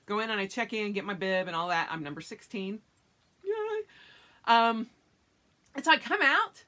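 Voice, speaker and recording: Bright-voiced chatty woman vlogger. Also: very animated, brisk. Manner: chatty storyteller, acts out her own reactions in high yelps. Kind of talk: casual chat.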